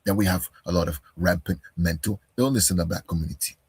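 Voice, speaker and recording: A deep-voiced man with a heavily husky, raspy tone delivers a combative reaction commentary. He keeps pressing with rhetorical questions. The sound is close and dry. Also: fairly even intonation, fast, a little mellow, dry recording. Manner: combative, fires rhetorical questions, calls listener "bro". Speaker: commentator responding to a video.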